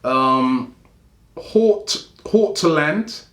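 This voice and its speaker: A man's voice: a little high, animated, very slow, fairly bright tone. A man hosting a fan channel show, chatting casually as he reads out viewer comments and often chuckles between remarks. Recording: roomy echo.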